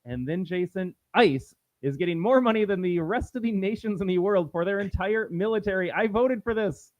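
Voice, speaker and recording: A man co-hosting a political podcast from a shed, with a slightly high voice. He talks in a wry, declarative way. The stream audio is dull and lo-fi and sounds dry. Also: moderate pace, no room sound. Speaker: podcast co-host. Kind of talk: casual political podcast chat.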